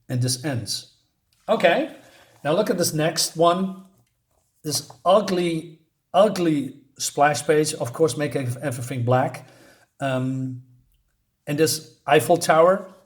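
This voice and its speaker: A man's voice: on the high side, unhurried. A man reviewing a comic book in a scornful, exasperated rant, often stumbling into restarts.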